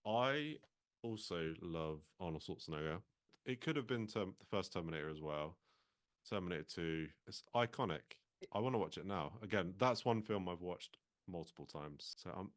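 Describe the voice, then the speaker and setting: Low-voiced man, relaxed. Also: normal speed. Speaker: podcast co-host. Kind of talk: casual chat.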